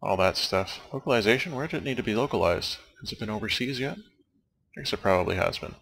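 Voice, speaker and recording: Low, gravelly man rambling over credits. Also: lively intonation, quick pace, fairly bright tone, a little hiss or hum. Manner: wry, dry jokes, meandering asides. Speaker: let's play commentator. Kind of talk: casual rambling commentary over game credits.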